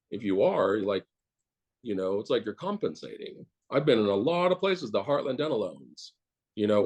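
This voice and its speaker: A man's voice: lowish voice, darkish tone. A man, a dentist, talking bluntly and casually in an interview, rambling with many fillers and swearing.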